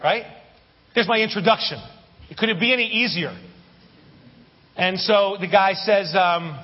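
A pastor with a high, husky voice tells a lively story from the pulpit, tossing jokes to the congregation. He sounds a little muffled, and a long reverb trails his words through the hall. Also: unhurried, pauses often. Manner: animated, anecdotal with humorous asides to the congregation. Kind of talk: sermon storytelling.

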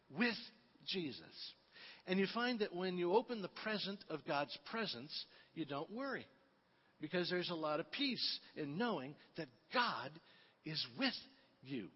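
High-voiced man preaching conversationally. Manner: conversational storytelling with frequent "uh" fillers. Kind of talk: sermon. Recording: reverberant, dull lo-fi.

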